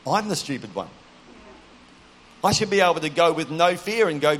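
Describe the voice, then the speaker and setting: A man's voice: on the high side, expressive, normal speed, pauses often, a bit bright, slight background noise. A middle-aged man preaching a sermon, earnest and direct, telling stories to his audience.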